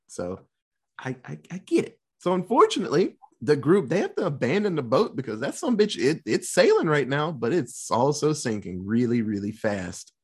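Profane, animated male storyteller. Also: medium pitch, normal speed, breathy edge. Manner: profane, jokey, animated retelling with put-on quotes. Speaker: podcast co-host recapping a film. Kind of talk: casual chat.

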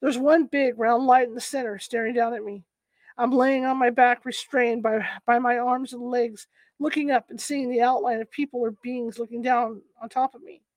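A woman reading the part of a frightened man reliving an alien abduction under hypnosis, halting and fearful. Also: a little high, steady tone, dry recording, natural voice.

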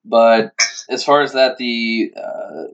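A man's voice: mid-range voice, slow. A man co-hosting a sports podcast, breaking down games in a hesitant way with frequent "uh" and "you know". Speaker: podcast co-host. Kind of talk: casual sports analysis. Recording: dull lo-fi podcast audio.

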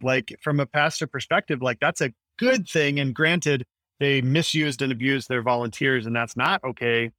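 A man's voice: mid-range voice, moderate pace, pushed and bright, dry recording, clean studio sound. A man who is a pastor, speaking earnestly and thoughtfully in a casual podcast discussion.

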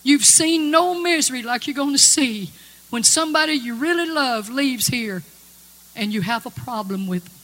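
In a church or conference hall full of long reverb and music, a gospel singer speaks earnest, folksy testimony to the congregation. Her voice is high-pitched, expressive and a bit bright, moving at a normal speed.

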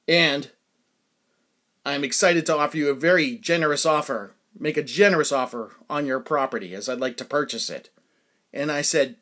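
A man's voice: medium pitch, normal speed, a bit bright. A man hosting a solo podcast, telling rambling stories and laughing at his own jokes. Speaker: podcast host.

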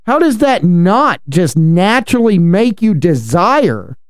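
Earnest high-voiced man in a dry, close sound. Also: takes it slowly, smooth, dry recording. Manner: earnest, animated, laughs often. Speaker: podcast co-host. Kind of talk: casual faith discussion.

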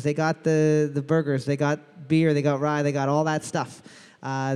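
A man running a pub trivia night over a PA, his fairly high voice ringing out with a long echo through a big brewery room. He cracks crude jokes between questions and repeats every question slowly. Loud, playful and a little profane. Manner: loud, jokey, profane, reads questions twice. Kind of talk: live trivia hosting with crude banter. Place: large brewery room with live crowd.

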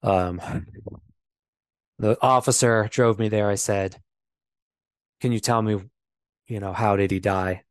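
A low-pitched man talks through a painful memory as an interview guest. His speech is halting and full of fillers and restarts. The sound is close and dry, with no room to it. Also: fairly even intonation, clear, resonant tone, no room sound. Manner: halting, repeats himself, many fillers. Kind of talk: personal storytelling.

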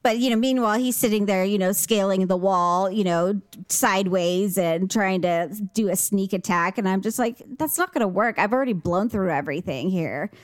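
A woman's voice: medium pitch, normal speed, hardly any pauses, no echo. A woman co-hosting a casual chat, telling stories and acting out quotes with big jumps in her voice, swearing freely. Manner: animated storyteller, acts out quotes with big jumps in voice. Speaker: podcast co-host.

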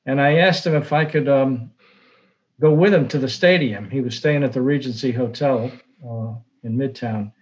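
An older sportswriter, telling rambling anecdotes full of fillers and restarts. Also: male voice, mid-range voice, normal speed, rough recording. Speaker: sportswriter guest. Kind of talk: casual storytelling.

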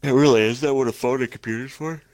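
A man co-hosting a casual podcast, teasing with quick comebacks. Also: mid-range voice, a little mellow. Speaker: podcast co-host.

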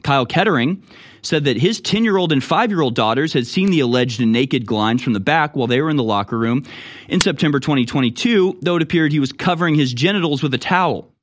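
A man's voice: on the high side, expressive, quick pace. A man hosting a political commentary show, reading news stories aloud and reacting with indignant, mocking remarks. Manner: indignant, mocking, puts on voices for people he quotes. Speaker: political talk show host.

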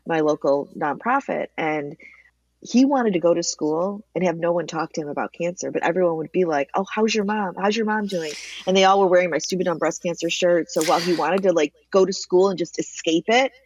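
A woman telling her own story in a candid interview, lively and emotional at times. The sound is dry and close, with a slightly dull, muffled tone. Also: lowish voice, brisk, no room sound. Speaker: interview guest, cancer advocate.

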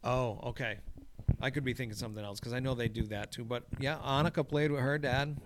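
A man in casual chat about golf, swearing freely and telling stories with lively energy. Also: medium pitch, a little fast, noisy background. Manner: profane, animated storyteller. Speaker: podcast co-host.

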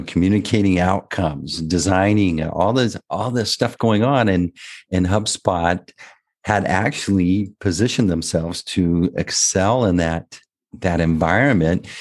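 A man with a notably deep voice hosts a casual podcast conversation. He speaks in halting bursts, restarting sentences and doubling words as he feels his way forward. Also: a little mellow. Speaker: podcast host and business owner.

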